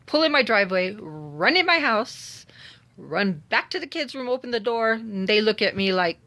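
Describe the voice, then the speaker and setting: A woman's voice: medium pitch, moderate pace. A woman telling a story from her own day in a casual monologue, wry and exasperated, acting out the people she met. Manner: animated, dramatic retelling with voiced quotes.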